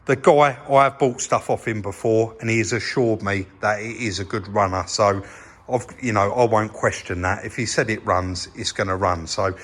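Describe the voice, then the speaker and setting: A man's voice: on the low side, steady tone, normal speed, a bit bright. An English man hosting a repair vlog, chatting casually as he points out details in his workshop. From England. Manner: chatty, explains while pointing things out. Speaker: vehicle repair channel host. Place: vehicle workshop, indoors.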